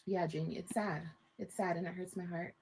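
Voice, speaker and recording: A woman's voice: lowish voice, steady tone, fairly quick, creaky, darkish tone. A woman talking live to her viewers, repeating herself and sinking to a near-whisper, often tearful. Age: adult. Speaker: livestream host. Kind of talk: emotional livestream talk.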